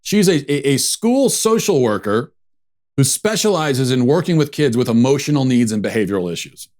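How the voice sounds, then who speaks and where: A man's voice: mid-range voice, very animated, normal speed, darkish tone. A man hosting a show, giving sarcastic, mocking political commentary. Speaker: host.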